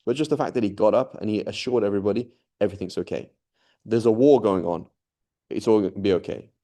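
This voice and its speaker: A man's voice: on the low side, quick pace, warm tone. A man giving a casual religious talk in a conversational way, often checking in with the listener and acting out quoted dialogue. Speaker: religious teacher.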